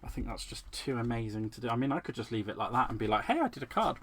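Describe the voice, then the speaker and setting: A man's voice: mid-range voice, fairly even intonation, fast talker, a bit bright, a little hiss or hum. A man hosting a live crafting stream, chatting to viewers as he works and laughing often. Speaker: crafting livestream host.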